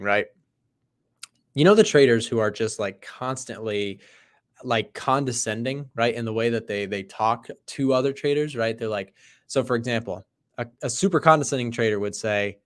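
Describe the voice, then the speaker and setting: A man hosting a live trading stream, talking casually through charts, animated and emphatic, often checking in with "right?". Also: medium pitch, a little fast. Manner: conversational, asks "right?" often; animated, emphatic, loud bursts. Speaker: trading livestream host. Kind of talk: live market commentary.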